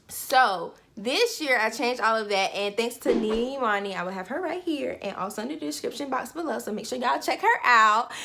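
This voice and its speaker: Chatty young woman vlogging. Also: a little high. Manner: chatty, animated, talks straight to viewers. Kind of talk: casual goal-setting vlog.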